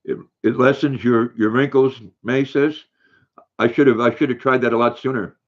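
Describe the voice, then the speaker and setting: A man's voice: medium pitch, fairly even intonation, moderate pace, highs cut off. An older man hosting a casual livestream, reading viewer comments aloud and cooing baby talk to his dog. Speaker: livestream host.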